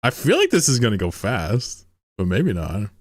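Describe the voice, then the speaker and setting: Excitable, swearing young male streamer. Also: lowish voice, normal speed, dry recording, studio quality. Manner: profane, excitable, laughs often. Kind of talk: casual live-stream commentary.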